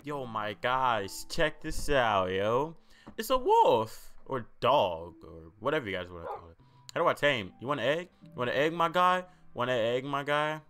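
Excitable, swearing young gamer man. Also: medium pitch, normal speed. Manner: excitable, profane, yelps and repeats himself in panic. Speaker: gaming YouTuber. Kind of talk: Minecraft let's-play commentary. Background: background music.

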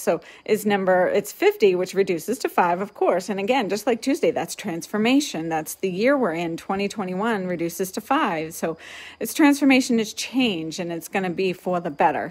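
A woman of medium pitch talks softly into a webcam or phone on a live stream, guiding her listeners in a soothing way. Her delivery is relaxed and chatty, full of affirmations and light laughter. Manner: gentle, soothing, laughs often. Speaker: spiritual teacher hosting a live session.

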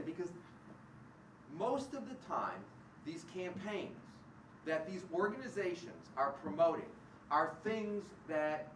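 A man giving a public university lecture, animated and sarcastic, often acting out the voices of the people he quotes. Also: on the high side, far from the mic, a little hiss or hum. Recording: roomy hall picked up from afar.

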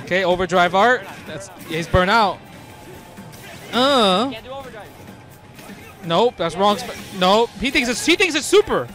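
Hyped high-voiced man commentating. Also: lively intonation, slow pace, pauses often, soft background music. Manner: hype reactions, slangy, frequent shouts. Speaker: host commentating pro players. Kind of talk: excited casual commentary.

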